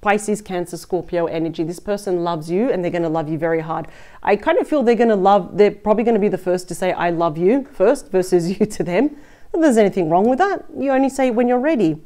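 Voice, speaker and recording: A woman's voice: mid-range voice, expressive, quick pace, dark tone. A woman giving a casual tarot reading to the camera, chatty and thinking aloud as she turns cards. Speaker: tarot reader.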